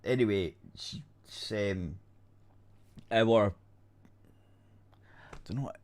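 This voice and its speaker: A man's voice: on the low side, very slow. A man, co-hosting a podcast in casual chat, ranting bluntly and swearing freely. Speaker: podcast co-host.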